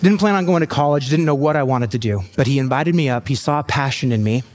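A man in his forties, a pastor telling his testimony in a sermon, with self-deprecating humor and lively asides. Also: medium pitch, quick pace.

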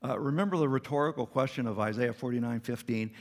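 A man's voice: medium pitch, quick pace, big-room sound. A middle-aged man preaching a sermon in a church, earnest and conversational with touches of light humor. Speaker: pastor. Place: church sanctuary.

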